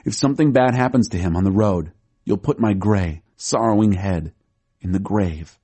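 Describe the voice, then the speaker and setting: Guy narrating a sad worn-out old dad in a bible story, low husky voice. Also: moderate pace, dark tone. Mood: sorrowful. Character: grieving aged father, weary and stubborn.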